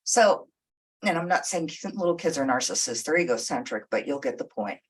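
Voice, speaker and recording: A woman therapist giving direct, coaching advice with a lively, up-and-down delivery. Her voice sits a bit low and sounds husky, recorded slightly away from the mic. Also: a little fast, far from the mic, rough recording. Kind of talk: advice talk.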